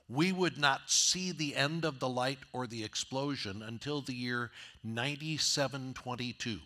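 Bright-voiced man preaching a sermon. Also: mid-range voice, moderate pace. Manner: conversational preaching with rhetorical questions. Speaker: pastor.

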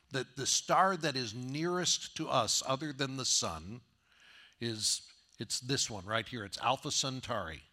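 A man delivers a sermon in a relaxed, conversational way, checking in with his listeners through rhetorical questions. His voice is bright and forward, pitched in an ordinary middle range. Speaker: pastor.

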